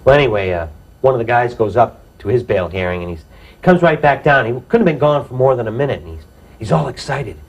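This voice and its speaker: A man's voice: medium pitch, animated, fast talker, husky, rough recording. A man telling his own true story to an audience, plain-spoken and reflective, often saying "you know".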